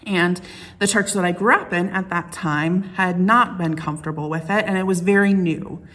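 A woman's voice: on the low side, fairly even intonation, normal speed, fairly bright tone. A middle-aged woman pastor delivering a conversational sermon, telling stories with playful asides. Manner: chatty storytelling with playful asides.

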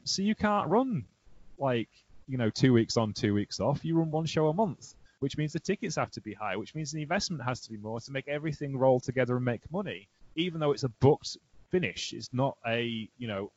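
A man hosting a casual wrestling podcast, chatty and animated, laughing often as he tells stories. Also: medium pitch, normal speed, husky. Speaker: podcast host. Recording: dry, dull lo-fi sound.

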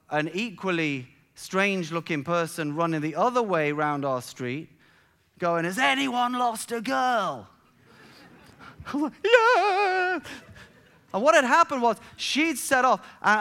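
A middle-aged man preaching a sermon, telling a family story with halting restarts and emphatic build-ups. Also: high-pitched, sharp tone, clear, resonant tone. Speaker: pastor.

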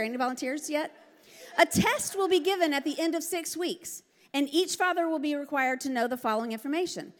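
A middle-aged woman preaching a lively, joking sermon. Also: high-pitched. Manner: lively, joking, laughs often. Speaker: pastor. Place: large church hall. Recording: long hall reverb.

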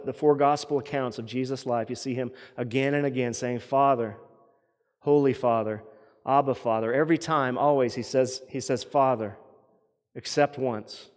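A man preaching from the pulpit in a mid-pitched voice, earnest and steady. He often repeats a word or phrase as he builds his point. His voice rings with the long reverb of a church sanctuary. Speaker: pastor. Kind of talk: sermon.

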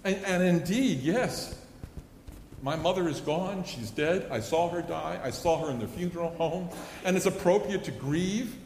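A man's voice: a little high, moderate pace, darkish tone. A middle-aged man preaching a sermon, telling stories earnestly and acting out a child's pleading. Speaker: pastor. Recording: echoey hall with long reverb.

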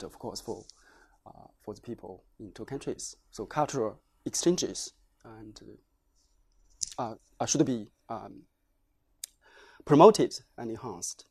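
Guy giving a research talk, lots of uh and um, stops and starts, normal pitch. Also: a little mellow, breathy edge. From China. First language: Chinese. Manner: halting, many hesitations. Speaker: academic researcher presenting findings. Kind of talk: lecture presentation.

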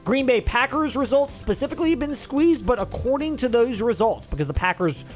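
Sports talk radio guy, lively up-and-down voice, rambles a bit, faint music under him. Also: extremely high pitch, fairly quick. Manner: animated, rambling asides.

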